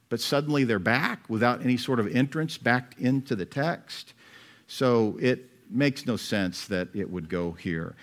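Male pastor, middle-aged, mid-pitched voice; chatty expository sermon full of rhetorical questions. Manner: conversational preaching with rhetorical questions and asides.

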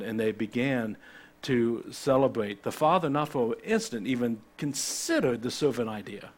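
A man's voice: mid-range voice, expressive, normal speed. A middle-aged man preaching a sermon in a conversational way, with personal asides and frequent restarts. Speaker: pastor.

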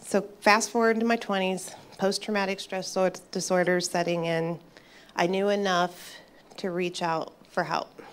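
A woman in her fifties giving a personal faith testimony to an audience, earnest and reflective, pausing and restarting as she speaks. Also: on the low side, fairly even intonation, clear, resonant tone. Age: 50s.

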